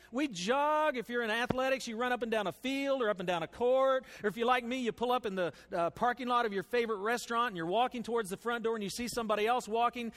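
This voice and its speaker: A man preaching a sermon as pastor, folksy and animated, swinging between loud bursts and soft asides. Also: extremely high pitch. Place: church sanctuary with congregation. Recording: long hall reverb.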